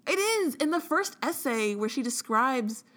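Frank, animated woman, podcast co-host, casual book talk. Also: sits high, a little slow. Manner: animated, frank, quotes passages aloud. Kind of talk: casual chat.

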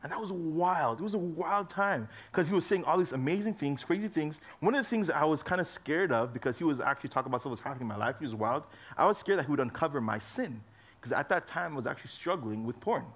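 A young man preaching to a youth group in an easygoing, chatty way, leaning on fillers as he talks. His voice sits a little high for a man, and he goes from loud, emphatic lines to soft, low asides. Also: expressive, fast. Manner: casual, conversational preaching with frequent fillers. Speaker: youth pastor. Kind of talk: sermon.

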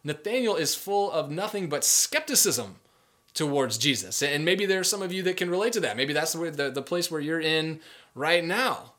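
A young adult man preaching a casual sermon, telling a story in a conversational way and acting out the people in it with lively everyday speech. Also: medium pitch. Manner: conversational, animated, acts out quoted voices with filler words. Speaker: pastor.

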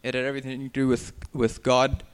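A man's voice: mid-range voice, level tone, a little fast, a little hiss or hum. A man sharing a personal faith testimony, reflective and hesitant, repeating words as he speaks.

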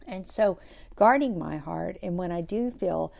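A middle-aged woman hosting a devotional podcast, talking in a soft, reflective way and dropping to a whisper for scripture. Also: fairly low pitch, lively intonation, measured pace, vocal fry. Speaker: podcast host.

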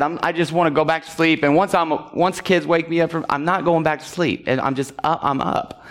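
A man with a somewhat high voice delivers a sermon in a church sanctuary. He talks to the congregation like friends, keeps asking if they're with him, and laughs lightly through his own stories. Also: a bit bright. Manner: conversational, keeps checking in with the congregation; chuckles while telling stories. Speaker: pastor. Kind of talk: sermon with personal story.

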